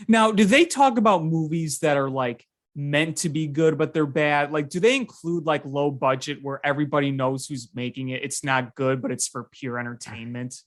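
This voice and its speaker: Animated sports podcast co-host. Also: medium pitch, moderate pace. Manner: animated storyteller, ranting about bad movies. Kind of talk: casual chat.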